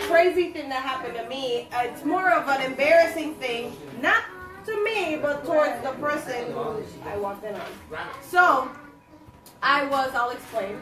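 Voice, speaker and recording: A woman co-hosting a casual chat show, telling stories in an animated way and laughing often. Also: high voice. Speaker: co-host. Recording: echoey room, mic far off.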